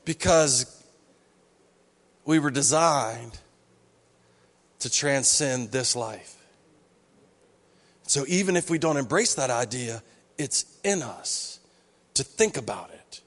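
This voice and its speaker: A man's voice: medium pitch, animated, takes it slowly, pauses often, a bit bright. A male pastor preaching a sermon in a church hall, talking conversationally and acting out what people say. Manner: conversational preaching, acts out quoted voices.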